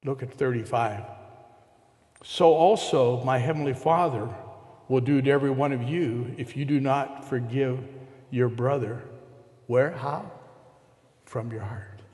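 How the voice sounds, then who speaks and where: A man's voice: mid-range voice, unhurried, pauses often, a little mellow. A man preaching a sermon to a congregation, retelling a parable and putting rhetorical questions to his listeners. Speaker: pastor. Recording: long hall reverb.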